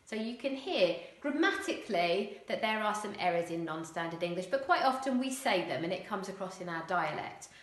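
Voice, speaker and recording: A woman primary school teacher explaining a writing lesson clearly, with occasional fillers. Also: medium pitch, expressive, a little fast, few pauses, roomy sound.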